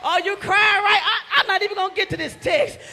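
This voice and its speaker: A woman minister preaching a sermon in a church, swinging from hushed pleading to impassioned shouting with call-and-response. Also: very high-pitched, steady tone, a little fast. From United States. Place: church sanctuary.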